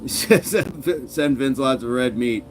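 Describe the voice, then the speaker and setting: A cheerful man hosts a casual live stream, reading viewers' comments aloud and laughing easily. His voice sits at an ordinary middle pitch for a man. A faint hum of passing traffic runs behind him. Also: takes it slowly. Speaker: fitness streamer.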